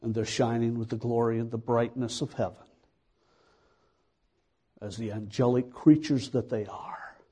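A man's voice: mid-range voice, flat delivery, a little slow, pauses often, warm tone, slightly rough. A man preaching a sermon, retelling a scripture story dramatically and building to fervent emphasis.

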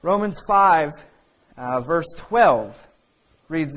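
A man's voice: a little high, expressive, a little slow, pauses often, rough recording. A man preaching a sermon as a pastor, talking in a conversational way with many fillers and restarts.

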